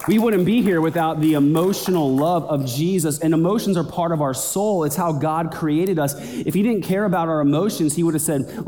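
A man's voice: normal speed, hardly any pauses, mellow. Man preaching in a reverberant hall. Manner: conversational preaching, builds in pitch toward the end. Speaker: pastor. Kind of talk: sermon.

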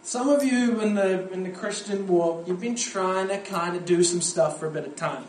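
A young man preaching a camp sermon to young people, animated and storytelling, with frequent restarts. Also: high-pitched, moderate pace, slight background noise. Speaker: youth pastor preaching at a camp. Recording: echoey hall with faint ambience.

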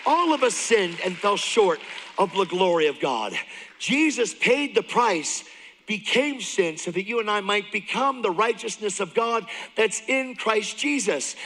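A middle-aged man preaching a testimony sermon, moving from hushed intensity to excited near-shouting. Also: high voice, poor audio. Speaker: guest preacher.

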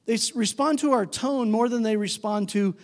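Male pastor, high voice, conversational sermon, long church reverb. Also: moderate pace. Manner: conversational, animated when imitating talk to his dog.

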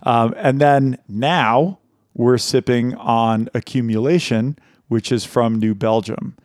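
A man co-hosting a casual podcast chats with friends, laughing often and rambling through restarts as he reads reviews aloud. His medium-pitched voice is steady, slow and darkish, recorded in clean studio sound with no echo.

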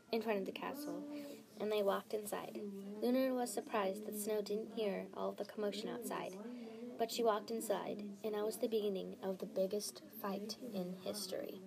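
A woman's voice: mid-range voice, vocal fry. A woman reading her own fantasy story aloud, dropping to a whisper at tense moments. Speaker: story reader.

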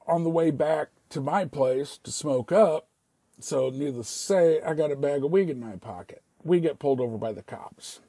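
Man, middle-aged, rambling casual storyteller, swears a lot, dark husky voice, dry close sound. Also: on the high side, moderate pace, no echo. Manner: rambling, swears freely, repeats "I was like".

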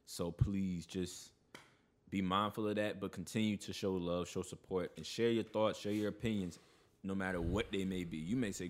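A man co-hosting a casual podcast, relaxed and laughing often as he thanks listeners. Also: deep voice, normal speed. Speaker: podcast co-host. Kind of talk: casual chat.

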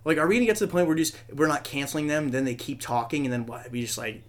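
A man hosting a podcast, talking casually in a rambling, profane and animated way. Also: on the high side, fast talker. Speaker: podcast host. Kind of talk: casual chat.

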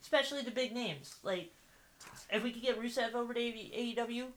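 A woman's voice: fairly high pitch, brisk. Eager woman peppering talk with "like". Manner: enthusiastic, filler-heavy, frequent laughter. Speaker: podcast co-host. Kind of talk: casual wrestling chat. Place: small office.

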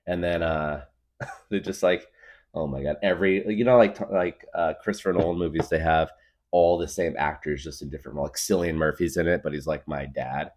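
He has a rumbling low, darkish voice and talks at normal speed. A podcast host in his thirties, he rambles through a comedic monologue laden with fillers and laughs at his own jokes.

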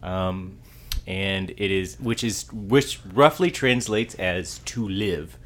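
Low-voiced rambling man on a podcast. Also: slow, a bit bright. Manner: rambling, hesitant, many restarts. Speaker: podcast co-host. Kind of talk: casual chat.

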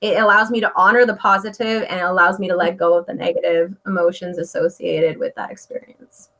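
A woman's voice: lowish voice, flat delivery, a little fast, vocal fry, sharp tone. A woman co-hosting a casual spiritual chat, speaking earnestly and reflectively in full sentences. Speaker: podcast co-host.

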